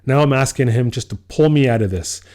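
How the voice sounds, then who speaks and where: A man co-hosting a casual podcast, telling a personal story with a dark, mellow voice. He acts out what he said to people and breaks into laughter along the way. His pitch sits in an ordinary middle range for a man. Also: a little fast. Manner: animated storyteller, acts out his own quoted lines, laughs often. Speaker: podcast co-host.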